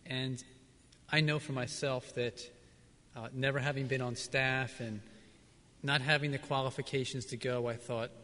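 Male missionary, mid-pitched, earnest and reflective, answering onstage, long hall reverb. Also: fairly even intonation, moderate pace, bright, forceful tone. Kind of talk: church service interview answers.

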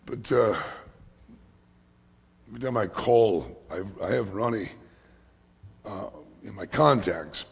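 A man preaching a sermon as pastor, swinging from hushed whispers to loud, emphatic lines. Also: on the low side, slow, creaky, long pauses, slightly rough. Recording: long hall reverb.

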